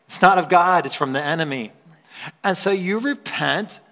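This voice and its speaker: A male pastor delivers a sermon in a chatty, storytelling way. His voice sits a bit high, and a long reverb trails each phrase in the church hall. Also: normal speed, pushed and bright. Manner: conversational preaching with stories and laughs.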